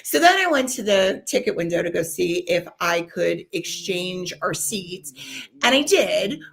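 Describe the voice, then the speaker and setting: A woman's voice: fairly low pitch, unhurried, gravelly. A middle-aged woman guest with a New York accent, chatting animatedly on a video-call podcast with lots of fillers. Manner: animated, rambling with fillers and excited exclamations. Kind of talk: casual storytelling on a podcast.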